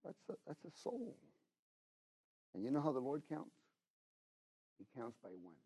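A middle-aged man preaching a sermon, talking straight to the congregation and swinging between loud exhortation and hushed asides. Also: a little high, huge pitch swings, measured pace, slightly rough. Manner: talks to the congregation directly, with frequent "you know?" and "okay?".

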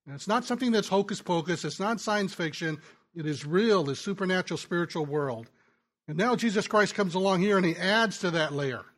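Male pastor, sermon delivery, conversational storyteller, somewhat high-pitched, stumbles and restarts. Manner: conversational storytelling, drops soft and quiet in tender moments; frequent restarts and stammers. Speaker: pastor and ministry teacher.

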